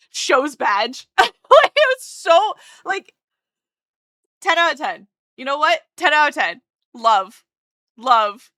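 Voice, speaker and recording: Woman streamer, bright and forceful voice, excitable, dry close sound. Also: sits high, slow, long pauses, no echo. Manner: bubbly, excitable, swears casually. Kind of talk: casual live-stream chat.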